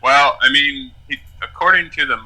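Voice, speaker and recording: A man's voice: mid-range voice, normal speed, pushed and bright, rough recording. A man playing a tabletop game, laid-back and thinking his moves through aloud. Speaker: player. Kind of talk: casual tabletop play.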